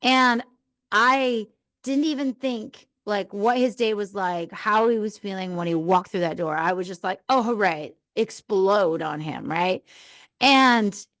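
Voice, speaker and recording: A woman's voice: medium pitch, a little slow, a bit bright, dry recording. A woman hosting a live podcast, telling an earnest, rambling personal story as a mom. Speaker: podcast host.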